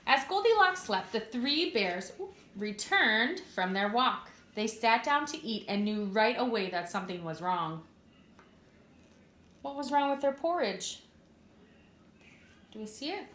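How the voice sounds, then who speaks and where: Woman teacher reading to preschoolers, fairly high voice, slow and clear, echoey room. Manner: clear, expressive, asks the children questions. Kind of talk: reading a story aloud to children.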